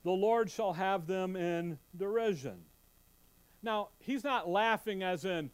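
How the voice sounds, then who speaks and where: A man's voice: high voice, takes it slowly, smooth. A man preaching an expository Bible sermon, reading scripture aloud and quizzing his listeners with questions. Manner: animated, quizzing the congregation with questions; reads scripture aloud in King James wording.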